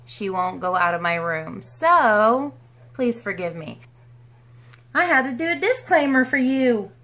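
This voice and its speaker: A woman's voice: fairly high pitch, big pitch swings, a little slow, pushed and bright. A woman chatting through a makeup tutorial in her room at home, in a bubbly, rambling way. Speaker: beauty vlogger. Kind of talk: casual makeup tutorial chat.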